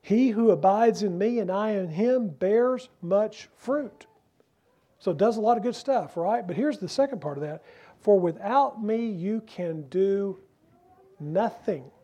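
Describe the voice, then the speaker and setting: A man preaching a sermon as pastor, earnest and emphatic, asking rhetorical questions and slowing down to stress key phrases. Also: high-pitched, dark tone, husky, lo-fi sound.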